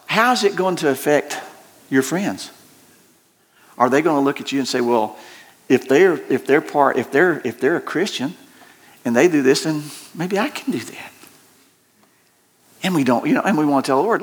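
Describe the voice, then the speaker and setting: Folksy pastor preaching. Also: male voice, expressive, a little fast. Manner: folksy storytelling with laughs and shifting pitch. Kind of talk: sermon.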